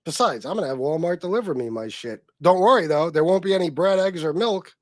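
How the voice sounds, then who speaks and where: A middle-aged man from North Carolina hosts a profane livestream rant, his voice sitting a little high for a man. He flares into loud outbursts, then drops to low grumbling mutters. The sound is dry and close, with no room echo. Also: lively intonation, fast talker. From North Carolina, USA. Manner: angry, sweary, swings between loud outbursts and low mutters. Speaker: livestream host. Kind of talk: profane ranting livestream talk.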